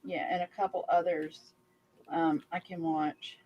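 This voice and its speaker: A woman in her fifties hosting a crafting channel, chatting casually and rambling with many pauses. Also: lowish voice, flat delivery, dull audio. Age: 50s. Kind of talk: casual chat on a video call.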